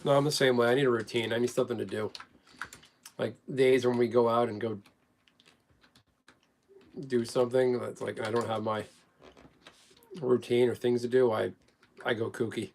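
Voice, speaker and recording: A man's voice: medium pitch, level tone, normal speed, vocal fry, long pauses, darkish tone, a little hiss or hum. A man hosting a live stream, chatting casually in a rambling, joking way.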